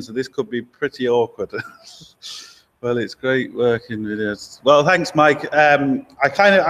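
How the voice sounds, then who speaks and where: A helper holds the laptop or camera mic while a man hosts an easygoing live stream from a garage workshop, reading viewer comments and rambling with fillers and quick asides. He speaks at a medium pitch with a fairly bright tone.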